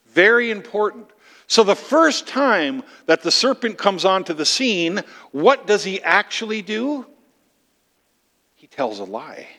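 A man's voice: high-pitched, expressive, unhurried, bright, forceful tone, big-room sound. A man preaching a sermon, explaining scripture emphatically with rhetorical questions.

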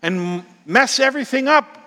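A middle-aged man preaching a sermon as a pastor, dramatic, dropping to whispers and rising to loud exclamations. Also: very high-pitched, animated, moderate pace, in a large hall.

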